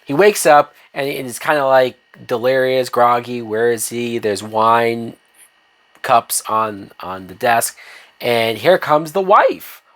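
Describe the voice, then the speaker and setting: A man's voice: medium pitch, slow pace, a bit bright. A man reviewing a TV episode in a ranting video review, sarcastic, profane and exasperated.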